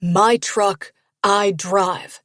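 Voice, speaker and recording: A woman's voice: medium pitch, fairly even intonation, drawn-out words, a bit bright, no echo, clean studio sound. A woman voicing a brash, hot-tempered young man who snarls orders at his friends. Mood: aggressive. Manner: snarling, ordering people around.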